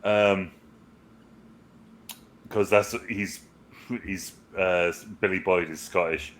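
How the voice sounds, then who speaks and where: A man's voice: low voice, steady tone, slow. A man co-hosting a casual movie review chat, rambling and swearing as he recounts scenes. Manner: rambling, swears, quotes film lines in put-on voices. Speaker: podcast co-host.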